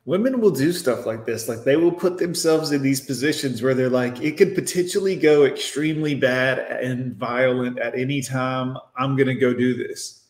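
A man's voice: medium pitch, moderate pace. Blunt man reacting in a roomy space. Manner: blunt, dismissive, lecturing. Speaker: commentator reacting to a clip. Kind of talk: reaction commentary.

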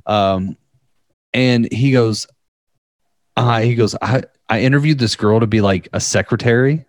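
A man's voice: mid-range voice, a little slow, dry recording. A young man chatting casually, rambling through a story, often laughing and acting out the quotes. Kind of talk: casual podcast chat.

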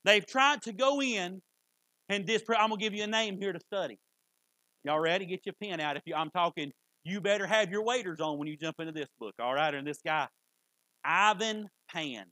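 A man's voice: sits high, moderate pace, pushed and bright, no room sound, low-quality recording. A man preaching a sermon, fervent and emphatic, repeating key phrases for weight. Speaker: pastor.

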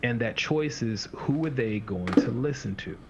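A man's voice: medium pitch, expressive, normal speed. A man talking as a fitness coach in a casual podcast chat, rambling and acting out the inner voices of his clients. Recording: dull lo-fi sound with faint hiss.

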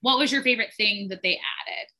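Woman, podcast host, casual recap chat, bright tense tone, loose swearing. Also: mid-range voice, a little fast. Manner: leads segments, swears casually.

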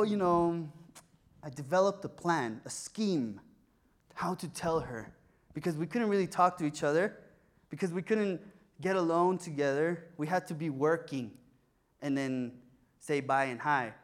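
Animated young man preaching. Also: on the high side. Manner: animated storytelling, acting out voices. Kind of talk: sermon with personal story.

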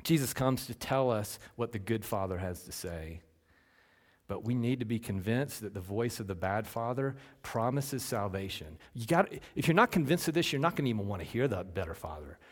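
A male pastor preaching a sermon, asking rhetorical questions and swinging between loud emphasis and hushed, slowed lines. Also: lowish voice, lively intonation. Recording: long reverb from a large hall.

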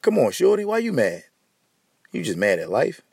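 A man's voice: mid-range voice, huge pitch swings, normal speed, gravelly, a little mellow, husky, no room sound, clean studio sound. A man hosting a solo podcast, ranting bluntly and profanely while talking straight to his listeners. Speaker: podcast host.

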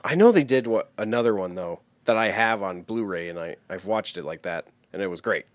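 A man co-hosting a casual movie chat, animated and swearing freely. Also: fairly low pitch, a little fast, dry recording.

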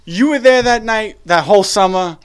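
A man chats on a podcast in a high voice. He tells stories with energy and acts out the lines of the people in them. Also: normal speed, clear, resonant tone. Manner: animated storyteller, acts out quoted voices. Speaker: podcast co-host. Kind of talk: casual chat.

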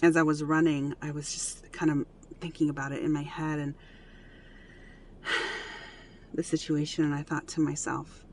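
A mother earnestly telling a personal family story in a casual, animated way, full of fillers. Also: sits low, a little slow, long pauses, slight background noise.

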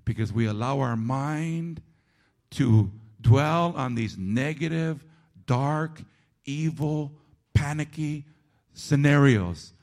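A male pastor preaching a sermon, calling out to the congregation and repeating phrases for rhythm, swinging between loud and hushed. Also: medium pitch, takes it slowly. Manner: calls out to the congregation.

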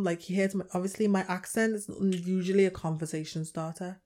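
Young liverpool woman, lowish voice, tells stories and does everyones lines, chatty podcast co-host. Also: brisk, few pauses. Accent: Liverpool English. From England. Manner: animated storytelling, acts out others' lines. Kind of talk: casual chat.

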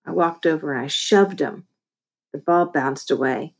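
Lady reading a kids book out loud, lowish voice, expressive. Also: measured pace, breathy edge. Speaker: audiobook reader. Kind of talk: reading a children's novel aloud.

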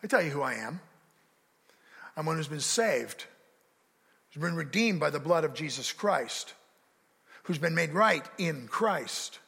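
A man's voice: fairly high pitch, lively intonation, a little slow, creaky, pauses often, sharp tone, breathy edge, big-room sound. A man preaching a sermon as pastor, with rising emphasis and dramatic quoted voices, recorded in a church sanctuary.

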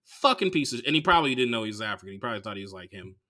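A man hosting a comedy podcast, telling a profane story as a monologue, swinging from mumbled asides to loud outbursts. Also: on the low side, lively intonation, rapid-fire. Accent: Bay Area.

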